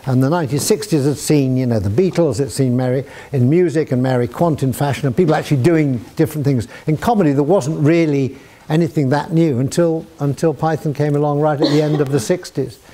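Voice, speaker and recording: A man's voice: on the high side, brisk, few pauses, warm tone. An older man answering student questions in a university hall, telling anecdotes with chuckles and acting out quoted voices. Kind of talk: anecdotal Q&A storytelling.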